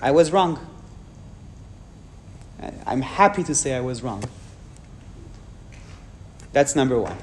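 A man with a French accent, giving a public talk and answering audience questions frankly, with measured pauses and restarts. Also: mid-range voice, animated, darkish tone, a little hiss or hum.

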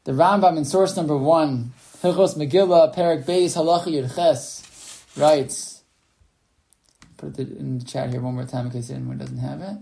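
A man's voice: on the high side, fairly even intonation, moderate pace, gravelly, dark tone. A man teaching a Torah class over a video call, telling a story and reading sources, with many fillers and restarts. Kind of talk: online class lecture.

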